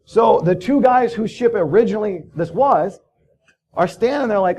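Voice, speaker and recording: A man's voice: sits high, lively intonation, normal speed, darkish tone, muffled recording. A man giving a casual conference talk, telling stories in a loose, profane way with many fillers. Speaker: conference speaker. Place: conference hall.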